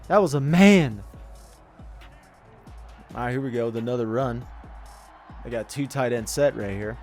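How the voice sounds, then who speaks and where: A man's voice: mid-range voice, steady tone, brisk. Young man trash-talking over a video game, music behind. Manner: loud, joking trash talk at the screen. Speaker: gaming commentator. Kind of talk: casual video game commentary.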